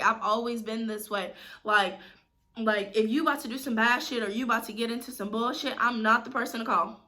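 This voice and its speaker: A woman's voice: a little high, bright, forceful tone. A young woman vlogger venting to her camera, upset and emphatic, on the edge of tears, repeating herself in casual slangy speech.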